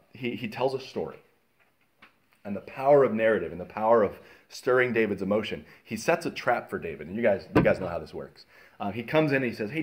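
Male Bible teacher, mid pitch, lively storyteller, lots of ums and restarts. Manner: animated storytelling with many fillers and restarts. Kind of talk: casual Bible lesson.

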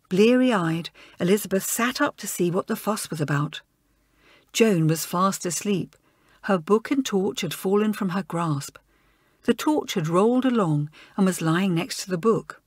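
A woman narrating a children's audiobook in an expressive storytelling style. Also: medium pitch, measured pace, husky, no echo, clean studio sound. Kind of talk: scripted narration.

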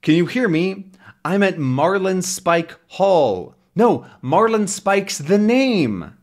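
A man voicing a young male reporter from a comic, reading his lines with brisk urgency. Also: sits high, big pitch swings, voice pushed up, full character voice. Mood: urgent.

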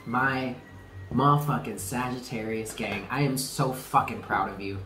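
A man's voice: medium pitch, a little slow, music in the background. A man giving a casual tarot reading to his viewers, effusive and emphatic, swearing freely and laughing often. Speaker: tarot reader. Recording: echoey room with faint background noise.

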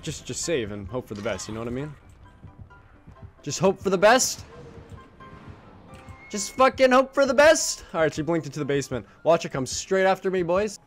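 A man giving live, swearing gameplay commentary, muttering low asides and yelping when he is chased. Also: a bit bright. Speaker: gaming channel host.

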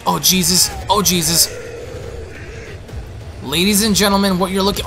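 A young man giving excitable, panicky let's play commentary, repeating himself as he goes. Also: on the high side, moderate pace, faint music behind. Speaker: gaming streamer.

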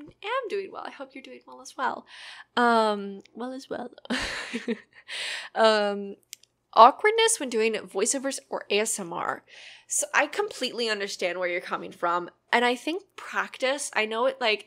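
A woman's voice: a little high, expressive, measured pace, a bit bright. A woman in casual chat, answering viewer questions with earnest, encouraging advice, rambling with many ums and likes.

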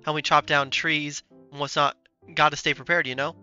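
A voice doing a hearty Canadian lumberjack. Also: male voice, a little high, level tone, moderate pace, pushed and bright, clear, resonant tone, dull audio, soft background music. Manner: hearty folksy drawl, says "eh" a lot. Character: folksy Canadian lumberjack man with a hatchet.

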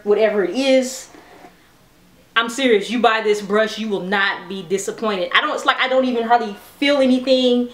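A woman vlogging at home, chatting excitedly with her viewers while demonstrating a hair brush. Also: on the high side. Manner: excitable, chatty, addresses viewers as "you guys". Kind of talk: casual product demo chat. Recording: echoey room.

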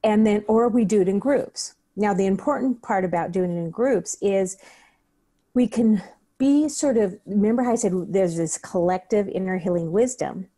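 Woman guest, breathwork teacher, earnest conversational delivery with a warm, dark tone. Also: mid-range voice, moderate pace. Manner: earnest, acts out her own inner questions. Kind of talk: conversational interview.

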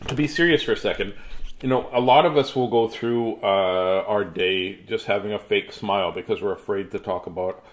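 A man's voice: fairly low pitch, normal speed. A man chatting to children and then reading a picture book aloud in a playful, sing-song way, at home.

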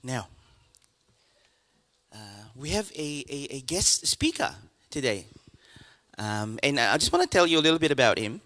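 A man, a pastor introducing a guest speaker to his church, talking in a halting way with many restarts. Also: mid-range voice, sing-song, sharp tone. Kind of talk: church announcement.

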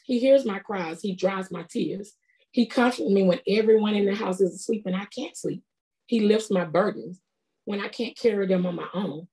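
A woman's voice: mid-range voice, normal speed, mellow. Middle-aged woman preaching earnestly. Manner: earnest, conversational preaching with colloquial speech. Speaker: prophetess preaching. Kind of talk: sermon.

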